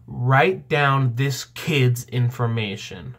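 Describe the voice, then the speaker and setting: A man voicing a rude, gruff old bearded retiree who barks orders. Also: medium pitch, slow pace.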